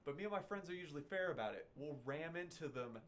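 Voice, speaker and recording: A man in casual podcast chat, telling rambling animated stories about games he streams. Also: a little high, quick pace, slight background noise.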